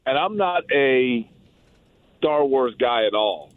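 A man's voice: medium pitch, lively intonation, slow pace, dry recording. Man, radio guest, rambling casual chat, lots of restarts, tinny phone line, dry. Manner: rambling, chatty, many restarts. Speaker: radio guest from another show.

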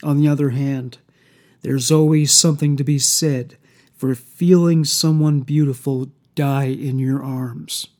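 A man playing a calm, mocking male killer in a horror story, soft-spoken and coldly menacing. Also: medium pitch, unhurried, natural voice. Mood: bitter.

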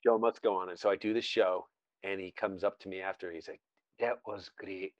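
A man's voice: low voice, steady tone, fast talker, no room sound, muffled recording. A man hosting a podcast, chatting casually and telling stories, with lots of fillers and restarts that break up his sentences. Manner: rambling, self-interrupting storyteller with many fillers. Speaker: podcast host. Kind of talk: casual chat. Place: Scotland.

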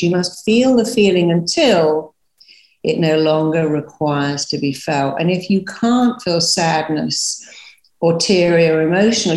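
A woman with a lowish voice speaks as a therapist guest on a podcast. She gives reassuring advice and slips into short quoted examples. Her voice carries the echo of a roomy space. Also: darkish tone. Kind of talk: advice-giving podcast chat.

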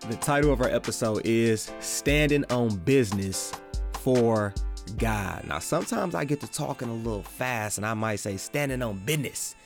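A man with a Midwestern accent hosting a casual faith podcast, talking excitably in slang and repeating his phrases. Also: medium pitch, normal speed, vocal fry, faint music behind. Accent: Midwestern American. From American Midwest. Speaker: podcast host.

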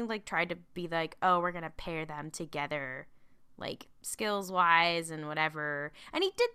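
A woman in casual fan chat, animated and emotional, with many fillers. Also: fairly low pitch, smooth.

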